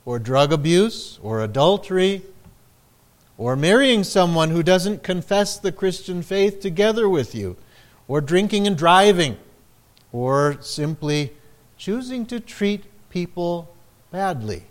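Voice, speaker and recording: A male pastor delivering a sermon at a deliberate, unhurried pace. His voice sits a little higher than most men's, and he lifts it for the dramatic quoted lines. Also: lively intonation. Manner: slow, measured preaching with dramatic quoted lines.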